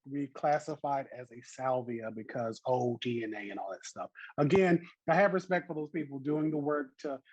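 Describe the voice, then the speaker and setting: A man's voice: mid-range voice, a little mellow, no room sound, dull audio. A man in his thirties with a Southern US accent, teaching an online botany class in a chatty, encouraging way over a video call. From American South.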